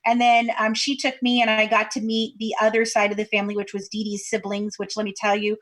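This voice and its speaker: A woman from Kentucky, a true crime podcast co-host, chatting in an interview over a video call as a lively storyteller. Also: medium pitch, fast talker. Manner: chatty storyteller, acts out quoted voices. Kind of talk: casual interview chat.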